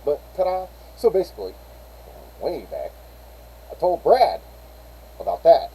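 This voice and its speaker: A man's voice: fairly high pitch, huge pitch swings, unhurried, mellow, slightly rough, rough recording. A middle-aged man, rambling through a casual story on a live stream and acting out the people he quotes.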